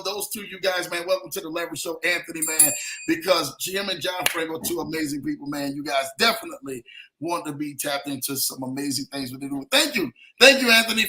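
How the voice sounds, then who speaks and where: A man's voice: sits high, pushed and bright, a little hiss or hum, low-quality recording. A man hosting a show, wrapping up in a hyped casual chat and saying "man" all the time. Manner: hyped, repeats "man" constantly, laughing. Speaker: podcast host.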